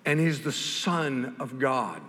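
A male pastor delivering a sermon at an unhurried pace, with a bright voice. He rises loud and emphatic when quoting scripture, then drops soft and slow as he reflects. The sound carries a long, roomy hall reverb. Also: mid-range voice, expressive.

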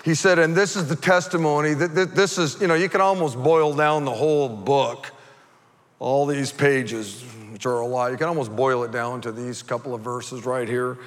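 A male pastor preaching an animated sermon that swings from quiet storytelling to fervent shouting. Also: mid-range voice, moderate pace. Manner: animated, builds to fervent shouting, acts out voices. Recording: reverberant church hall.

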